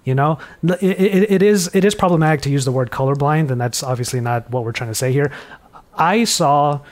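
An American man talking in a lively, casual conversation, laughing now and then. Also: a little high, brisk. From United States. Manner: animated, laughing asides. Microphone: headset.

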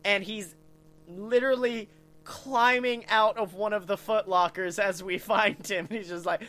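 A man's voice: high-pitched, measured pace. A man co-hosting a casual podcast, telling stories with lots of swearing and laughter. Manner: animated storyteller, swearing, laughing often. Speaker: podcast co-host.

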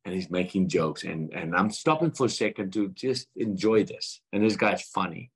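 South african guy in his thirties, kinda low voice, telling a heartfelt story on a podcast, does all the voices himself. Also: normal speed, husky. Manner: earnest, animated retelling with quoted dialogue. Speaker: guest boxer.

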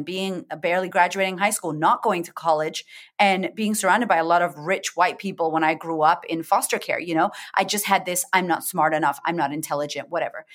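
Middle-aged female confidence coach; low-pitched, animated and candid guest. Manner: expressive, acts out her own inner voice, laughs often. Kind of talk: animated storytelling in casual interview.

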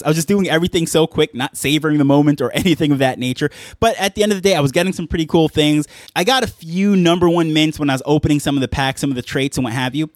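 A young man telling a personal story in a casual, chatty vlog, animated and laughing between phrases. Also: on the high side, no echo, studio quality. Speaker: NFT collector telling a story.

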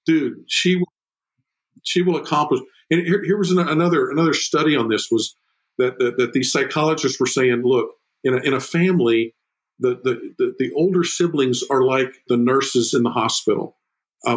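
A middle-aged man talking as a podcast guest about fatherhood, emphatic and prone to repeating words, with his pitch jumping up when he gets excited. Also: low-quality recording. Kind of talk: animated conversational podcast talk.

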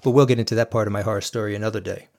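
A man's voice: on the low side, steady tone, rapid-fire, gravelly, darkish tone. A man hosting a podcast, telling a personal story in an earnest, emphatic monologue aimed straight at his listeners. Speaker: podcast host.

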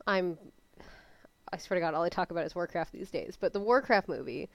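A young woman in a casual podcast chat, chatty and excitable, talking with lots of fillers. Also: fairly low pitch, fairly quick, gravelly, dry recording. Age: young adult. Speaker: podcast co-host.

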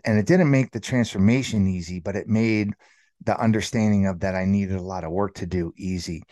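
A man in his thirties with a lowish voice, recorded dry and close. He tells his own story in a rambling way, leaning on fillers like "like" and "you know". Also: a little mellow, dry recording. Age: 30s. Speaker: interview guest. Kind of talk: candid personal storytelling.

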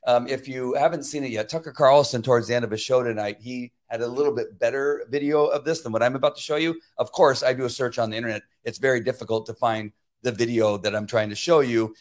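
A man's voice: medium pitch, fairly even intonation, fast talker, few pauses. A man hosting a casual livestream, talking emphatically with many fillers and restarts, and muttering to himself while he fixes technical problems. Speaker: livestream political commentary host.

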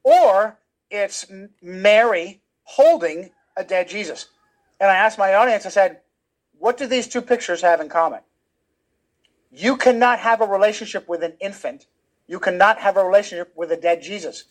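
A guest author with a strikingly high voice talks at a moderate pace in a lively interview. He is emphatic, frequently repeating words to hammer home what he means.

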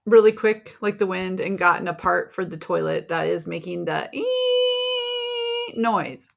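A woman's voice: mid-range voice, creaky. A middle-aged woman co-hosting a casual podcast with her daughter, telling rambling, exasperated stories about home life. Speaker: podcast co-host, mother. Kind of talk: casual chat.

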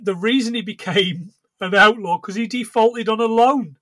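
A man's voice: high-pitched, normal speed, a bit bright, no room sound. A man co-hosting a podcast in casual chat, rambling and swearing as he recounts what he has watched. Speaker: podcast co-host.

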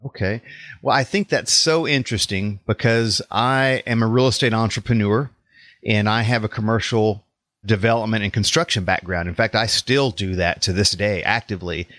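A man's voice: fairly low pitch, moderate pace, a bit bright, no room sound, studio quality. A man with a Texas accent hosting a faith podcast interview, upbeat and welcoming. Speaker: podcast host and life coach.

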